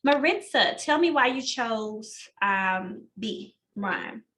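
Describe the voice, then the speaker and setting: A woman's voice: fairly high pitch, expressive, takes it slowly, a bit bright, rough recording. A woman leading an online test-prep class over a video call, calling on students by name and walking through answers. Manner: encouraging, calls on students by name. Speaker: instructor.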